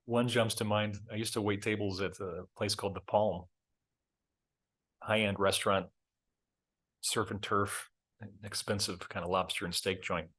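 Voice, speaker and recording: A man's voice: fairly low pitch, moderate pace, pauses often. A middle-aged man hosting a reflective talk, telling a story in a candid, self-deprecating way. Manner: candid, self-deprecating, animated when reenacting. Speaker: host.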